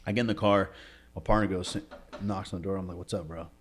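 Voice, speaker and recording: Low-pitched male entrepreneur guest, casual slangy storyteller, gets quiet and emotional. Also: fairly even intonation, quick pace. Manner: casual slangy talk, says bro and dude. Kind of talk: storytelling in a podcast interview.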